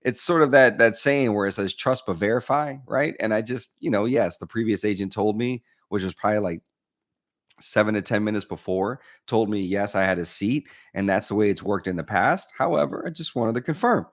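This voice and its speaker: Deep-voiced man telling a story. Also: a little fast. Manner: animated storyteller, acts out dialogue. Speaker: keynote speaker. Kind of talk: storytelling talk.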